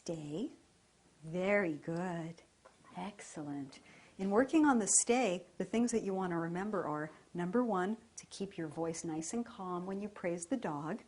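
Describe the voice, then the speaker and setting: A woman dog trainer demonstrating a stay exercise, talking in a calm, even voice. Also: mid-range voice, normal speed, few pauses, breathy edge.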